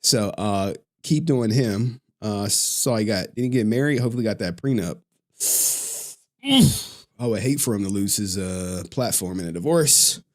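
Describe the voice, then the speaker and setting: A man rambling on a live stream in loose, profane chat. He laughs often and reads his chat aloud. His voice leaps up and down in lively swings. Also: lowish voice, a little slow.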